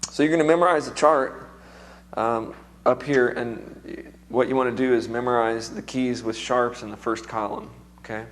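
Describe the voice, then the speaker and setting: A man's voice: medium pitch, fairly even intonation, moderate pace. A man with a strained, recovering voice, teaching music theory to a seminar class in a casual, chatty way and quizzing the students.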